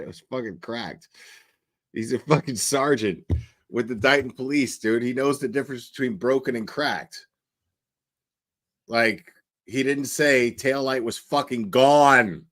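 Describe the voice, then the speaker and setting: A man's voice: mid-range voice, measured pace, a bit bright, dry recording. A man hosting a casual reaction commentary, profane and mocking, laughing often. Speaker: host.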